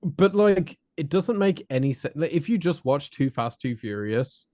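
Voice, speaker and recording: A man's voice: on the high side, animated, moderate pace, darkish tone, no echo, clean studio sound. A man appearing as a guest on a film podcast, chatting animatedly and rambling with lots of filler words. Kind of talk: casual film discussion.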